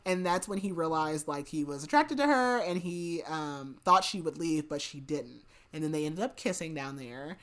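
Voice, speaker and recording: Her voice sits low and a bit bright, with lively intonation, a moderate pace, and few pauses. As a podcast host, she chats her way through a book's plot, peppering it with "like" and "basically" and laughing asides.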